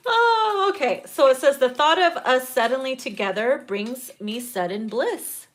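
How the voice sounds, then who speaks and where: Woman tarot reader, casual monologue, foul-mouthed and animated, slightly high voice. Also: unhurried, hardly any pauses, slight background noise. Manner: blunt, profane and animated, breaks into loud laughter.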